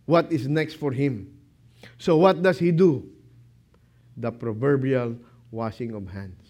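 A man preaching a sermon, slow and emphatic, who keeps asking rhetorical questions. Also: medium pitch, darkish tone.

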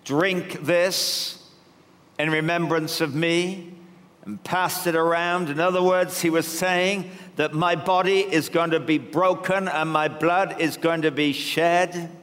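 A man preaching a sermon, telling the story in an animated, humorous way. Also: fairly high pitch, a little slow, hardly any pauses. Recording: reverberant hall.

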